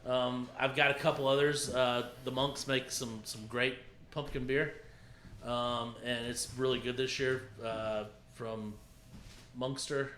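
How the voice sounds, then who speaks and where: A man's voice: medium pitch, level tone, unhurried, fairly bright tone, echoey room, slight background noise. A man reviewing beer over a video call, hesitant with lots of ums. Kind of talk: casual beer review chat.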